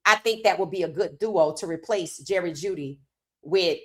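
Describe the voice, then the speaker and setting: A woman hosting a live sports talk stream, reading viewer comments aloud and reacting with animated opinions, her voice worn from hours of streaming. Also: fairly low pitch, moderate pace. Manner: animated, talks straight to chat, reads comments aloud. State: losing her voice.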